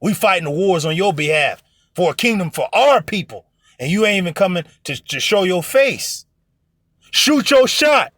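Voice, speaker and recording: Man, informal preacher, blunt, profane, emphatic, fairly high voice, dry close sound. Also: expressive, normal speed, a bit bright, no echo. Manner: acts out voices in his stories. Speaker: religious teacher. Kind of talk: informal preaching to an online audience.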